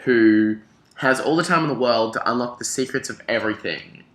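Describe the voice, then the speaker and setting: A young man with an Australian accent, chatting casually with his housemate, animated and rambling and swearing freely. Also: medium pitch, moderate pace. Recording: echoey room.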